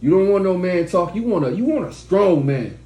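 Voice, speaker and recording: Man preaching bluntly to a group, lively pitch, dark tone, echoey room. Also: brisk. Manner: blunt, profane, mocking. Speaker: teacher of a study group. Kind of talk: preaching to a class. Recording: echoey room, faint background noise.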